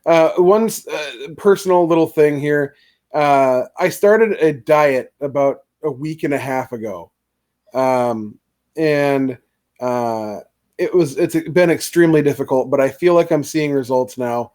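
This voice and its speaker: A man's voice: fairly high pitch, a little slow, a little mellow. A man co-hosting a casual podcast chat, rambling with lots of filler words. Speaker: podcast co-host.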